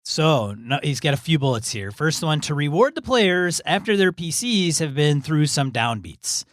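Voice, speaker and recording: A man's voice: a little high, big pitch swings, a bit bright, no room sound. Male podcast co-host, easygoing reader with chatty asides, dry close recording. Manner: easygoing, reads in measured chunks with asides. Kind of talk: casual chat, reading a listener email aloud.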